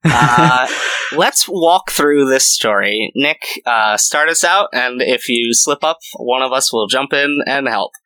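A man's voice: medium pitch, takes it slowly, pushed and bright, dry recording, rough recording. A young man hosting a podcast in casual chat, rambling and joking at himself, often laughing. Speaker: podcast host.

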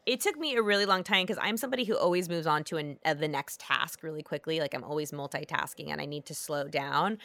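A woman's voice: sits low, pushed and bright, no echo. A woman hosting a podcast, chatting casually with lots of fillers and restarts. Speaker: podcast host. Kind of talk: casual chat.

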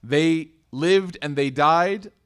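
A man with a slightly higher voice delivers a lively religious lecture. He keeps asking his listeners rhetorical questions. He breaks it up with casual, joking asides. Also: drawn-out words, smooth. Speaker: Islamic lecturer.

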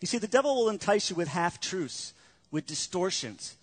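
A man's voice: high-pitched, very animated, moderate pace, husky. A male pastor preaching a sermon, earnest and emphatic, with frequent rhetorical questions.

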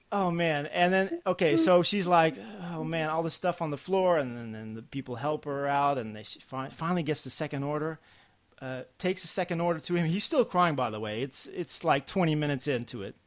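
A man, a podcast guest telling a family story in a halting, lively way. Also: on the high side. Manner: halting, restarts often, lively when telling stories. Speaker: podcast guest, comic artist. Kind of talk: casual storytelling chat.

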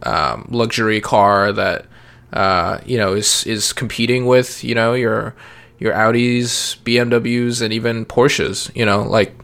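Man, gravelly, casual chat, rambling, lots of fillers. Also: fairly low pitch, steady tone, unhurried, fairly bright tone. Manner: rambling, many fillers and restarts. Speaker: parent podcast guest.

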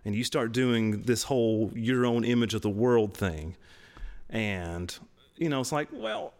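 A man tells his own story on a podcast. His voice sits a little low but leaps up when he stresses a point. He laughs now and then as he goes. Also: measured pace. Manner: animated, laughs while telling stories, voice jumps way up for emphasis. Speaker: podcast co-host. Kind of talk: casual testimony storytelling.

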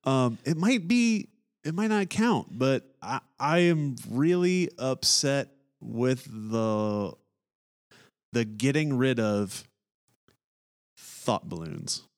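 A man co-hosting a podcast, chatting casually with relaxed joking asides. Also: medium pitch, takes it slowly. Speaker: co-host. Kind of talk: casual chat.

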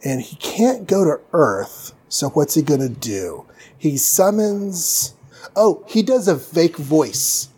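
A man chats casually as a podcast co-host, walking through a comic story. His voice is husky and sits a bit high. He breezes along and tosses in playful mock voices for the characters. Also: big pitch swings, slow, darkish tone. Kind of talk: casual chat.

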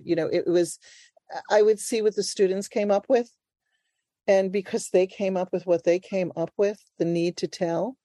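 In a conversational interview, this older Brooklyn-born playwright and actor speaks animatedly, laughing frequently. Her warm voice sits mid-range, and the studio sound is clean with no echo.

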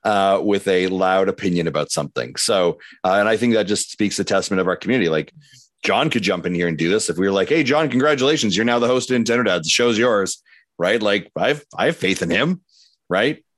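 A male podcast co-host with a low voice, recorded close and dry. He rambles with plenty of fillers and teases his co-hosts with deadpan humor. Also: a little fast, no echo. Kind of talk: casual podcast chat.

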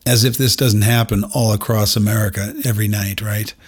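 Middle-aged male podcast host, husky voice, candid and self-deprecating storyteller who talks straight to his listeners. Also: fairly low pitch, flat delivery, a little fast. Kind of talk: personal storytelling monologue.

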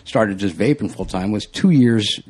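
A young adult man co-hosting a casual podcast chat, telling stories in a rambling, animated way with lots of restarts. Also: lowish voice, moderate pace, slightly rough. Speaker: podcast co-host.

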